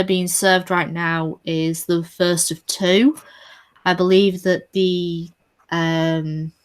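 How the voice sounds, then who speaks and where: A woman with a fairly low voice talks casually on a livestream. She states her opinions firmly and plainly, and keeps the same steady tone as she explains. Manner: firm, opinionated commentary.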